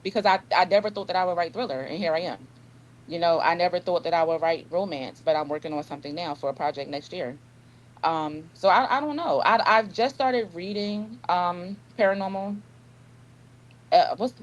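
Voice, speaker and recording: Woman, lowish voice, animated storyteller, casual interview chat. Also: moderate pace, dull audio. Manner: animated storyteller, acts out dialogue. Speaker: author guest.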